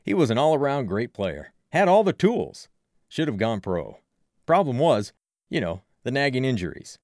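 A man's voice: mid-range voice, moderate pace, no echo, clean studio sound, close to an everyday voice. A man voicing a cheerful, talkative adult baseball fan in an audiobook. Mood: chatty. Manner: excited, talkative. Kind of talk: audiobook character voice.

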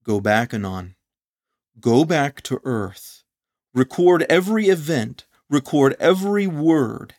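A man's voice: on the high side, animated, a little mellow. A man doing a grave, grieving heavenly father. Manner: slow, heavy, grave.

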